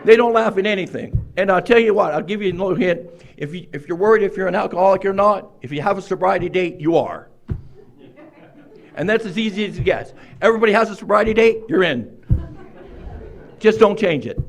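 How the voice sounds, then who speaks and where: A man with a fairly high voice stands up at a recovery meeting and tells his own story. He is wry and self-mocking, laughing often as he talks in a meeting room. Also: animated, a little fast, gravelly. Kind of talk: humorous personal recovery story.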